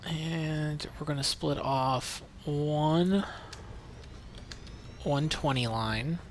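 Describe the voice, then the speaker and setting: A man's voice: a little high, drawn-out words, a little hiss or hum. A man streaming a video game, chatting casually and rambling as he plays, sometimes swearing. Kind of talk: casual livestream commentary while playing.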